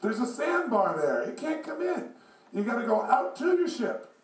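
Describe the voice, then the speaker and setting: Man doing a sly old man of seventy, high and drawling, folksy, roomy echo, distant mic. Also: big pitch swings, moderate pace. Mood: knowing. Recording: echoey room, far from mic.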